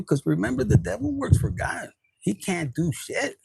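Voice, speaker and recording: Tarot reader, male, somewhat high, husky, dry close sound, casual and profane. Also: sing-song, moderate pace, a little mellow, no echo, low-quality recording. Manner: casual, profane, mixes in Spanish words. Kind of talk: spiritual reading monologue.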